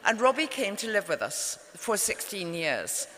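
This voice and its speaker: A woman's voice: medium pitch, big pitch swings, a little slow, fairly bright tone, a little hiss or hum. A middle-aged English woman, an author, telling a story to a live audience in a wry, understated way. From England. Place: event hall. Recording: reverberant live venue.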